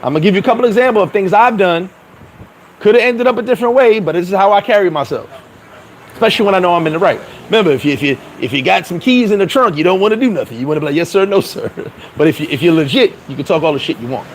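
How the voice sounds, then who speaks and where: High-voiced, blunt New man. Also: lively intonation, fast talker, slight background noise, poor audio. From New York. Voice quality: blunt, profane, streetwise. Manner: acts out dialogue in quoted voices. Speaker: vlogger. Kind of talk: casual advice monologue.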